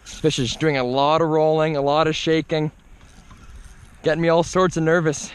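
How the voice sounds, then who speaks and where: A young fishing vlogger films himself on a boat on a lake outdoors, giving excited commentary on each catch and talking to his dog while he fights the fish. His voice is fairly high with a flat delivery at normal speed, clean and free of echo.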